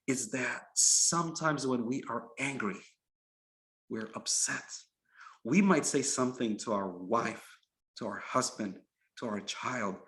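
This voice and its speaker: A man, an imam, telling a story in a sermon and acting out the characters. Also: mid-range voice. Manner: animated, acts out the characters.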